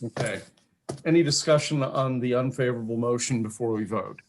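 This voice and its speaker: A man chairing a legislative committee session, calling votes in a brisk, procedural way with dry jokes. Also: mid-range voice. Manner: brisk, procedural, dryly joking.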